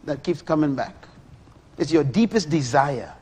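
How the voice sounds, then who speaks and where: A middle-aged man preaching a sermon, animated and full of rhetorical questions to his listeners. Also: on the high side, a little slow, breathy edge.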